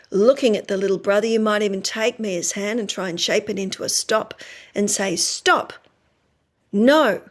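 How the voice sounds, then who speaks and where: Brief: woman speech pathologist, mid-pitched, coaching parents step by step with sing-song examples. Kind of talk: instructional parenting talk.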